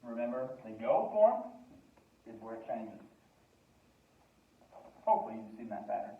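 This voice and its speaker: A man's voice: medium pitch, lively intonation, normal speed, long pauses. Man, casual verb lesson, chatty, spells words out, far from mic, tinny phone-like sound. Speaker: Spanish teacher. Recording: distant, echoey, phone-like sound.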